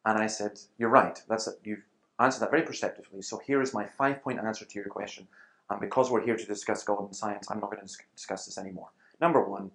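Guy telling stories in a talk, kinda low voice, does little voices for the people he quotes. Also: gravelly. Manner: animated storyteller, acts out quoted voices. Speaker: Christian speaker. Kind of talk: conversational talk with anecdotes.

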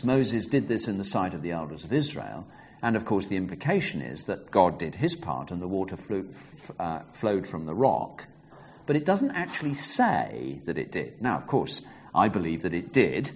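Lively, low-voiced man teaching scripture. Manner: measured, explanatory, reads passages aloud with emphasis. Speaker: Bible teacher. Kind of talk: teaching talk on interpreting scripture.

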